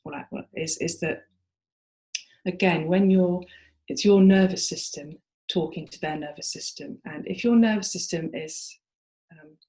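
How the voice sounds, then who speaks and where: A woman's voice: on the low side, unhurried, warm tone. A woman therapist giving an informal teaching talk to practitioners, explaining in a conversational way.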